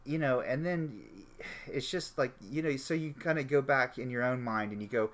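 A man hosting a casual chat, rambling through a story, swearing freely and getting animated when he makes a point. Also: medium pitch, moderate pace.

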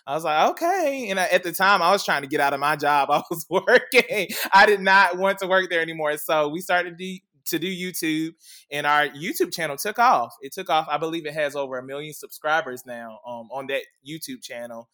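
Young guy guest, bright voice, kinda high, tells it lively. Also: a little fast. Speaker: guest, content creator. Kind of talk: interview answers.

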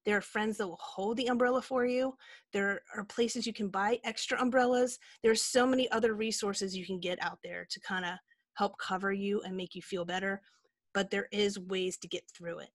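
A woman's voice: mid-range voice, fairly even intonation, moderate pace, dry recording. A woman co-hosting a podcast, talking in a candid, rambling way with many fillers. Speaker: podcast co-host. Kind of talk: casual chat.

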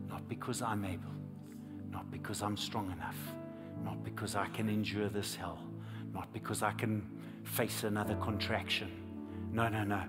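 A man preaching a sermon as pastor, swinging from hushed whispers to loud, impassioned appeals and repeating phrases for emphasis. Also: fairly low pitch, steady tone, normal speed. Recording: long hall reverb, faint music behind.

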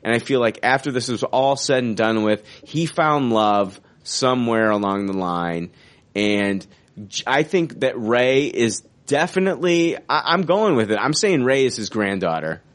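A man co-hosting a casual fan podcast, excited and rambling, swearing now and then. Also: medium pitch, measured pace. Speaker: podcast co-host.

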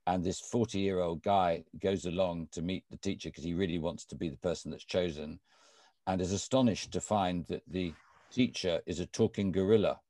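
A man's voice: low-pitched, dry recording. Man telling a story to an audience. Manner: animated, restarts often. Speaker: guest speaker.

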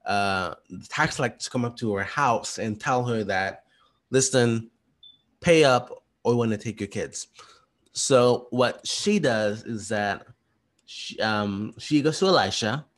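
A man walking through study questions in a fast, rambling, casual way, with lots of restarts. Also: mid-range voice, a bit bright. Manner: chatty, retells stories in slangy voices. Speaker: teacher. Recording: voice message.

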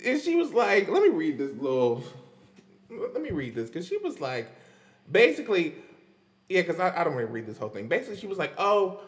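A man hosting a podcast, chatting in a loose, animated way about pop music, with lots of fillers and frequent laughs. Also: high-pitched, long reverb tail. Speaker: podcast host. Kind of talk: casual pop-culture commentary.

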